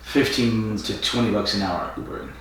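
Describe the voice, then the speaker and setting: A man co-hosting a casual podcast, chatting over drinks and retelling scenes with quick character voices. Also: lowish voice, fairly even intonation, a bit bright, very echoey, recorded from a distance, a little hiss or hum. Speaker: podcast co-host. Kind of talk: casual chat while drinking.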